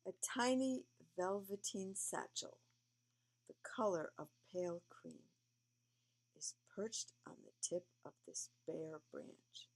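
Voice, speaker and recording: A sleepy, yawning woman reading a picture book aloud to a young child, with gentle, chatty asides. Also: mid-range voice, animated, slow. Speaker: reader to a child.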